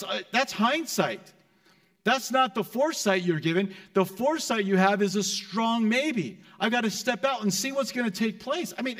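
A man preaching a sermon in a conversational way, restarting phrases and swinging between loud and soft delivery. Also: high voice. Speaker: pastor.

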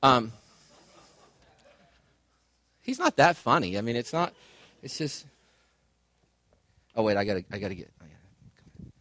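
A man pastor preaching a sermon, telling stories in an animated, excitable way and calling his listeners "man". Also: mid-range voice, a little slow, pauses often, no room sound. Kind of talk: sermon with storytelling.

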